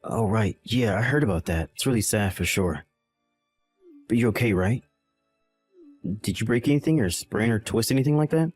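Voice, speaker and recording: A man's voice: lowish voice, expressive, moderate pace, pauses often, a little mellow, faint music behind. A man playing a callous young husband in a dramatized text-message story, exasperated and blaming. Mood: casual.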